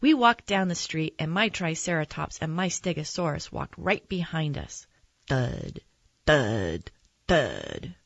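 A woman reading a children's picture book aloud in a gentle, expressive storytelling manner. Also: fairly low pitch, normal speed, few pauses, dry recording, lo-fi sound. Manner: gentle, expressive read-aloud with character voices.

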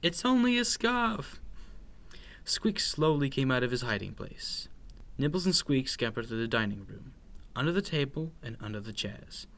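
A man reading a children's bedtime story aloud with expressive, sing-song narration. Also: medium pitch, moderate pace.

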